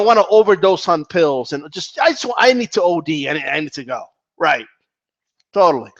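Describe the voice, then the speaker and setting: Animated man ranting about boxing fans. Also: sits high, muffled recording. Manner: animated, profane, rambling with restarts. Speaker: boxing commentator. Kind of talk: casual vlog commentary.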